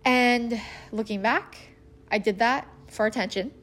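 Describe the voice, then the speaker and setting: A woman's voice: on the high side, unhurried, a bit bright. A woman in her thirties talking casually and earnestly about her relationship, acting out lines she quotes. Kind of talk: casual personal storytelling.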